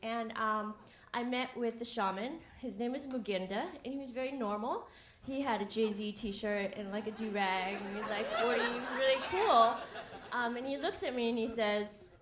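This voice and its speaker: A woman's voice: a little high, measured pace, fairly bright tone, a little hiss or hum. A young woman telling a wry, self-mocking personal story live on stage, often laughing as she talks. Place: theater stage before an audience. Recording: roomy live hall with faint ambience.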